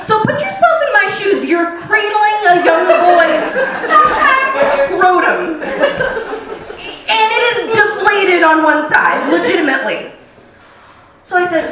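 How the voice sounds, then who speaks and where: A woman in her thirties performing a stand-up comedy set, telling a profane story with animated acted-out quotes. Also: very high-pitched, takes it slowly, a loud crowd. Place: comedy theater stage. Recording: echoey club heard from a distance. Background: audience laughter.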